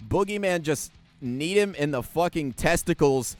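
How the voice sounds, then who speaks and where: A man's voice: fairly high pitch, animated, normal speed, faint music behind. A man giving play-by-play wrestling commentary over a video game, sarcastic and jokey and swearing freely. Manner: jokey, laughs at what he describes.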